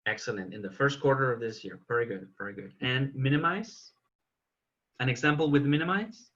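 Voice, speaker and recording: A man's voice: mid-range voice, a little fast, a bit bright, lo-fi sound. A man teaching an English class online, patiently correcting his students' examples.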